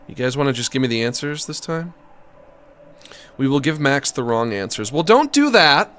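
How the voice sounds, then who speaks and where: A man's voice: medium pitch, sing-song, moderate pace, a bit bright. A man casually commenting while playing a game on stream, jokey and rambling. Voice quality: jokey, rambling, slips into silly voices.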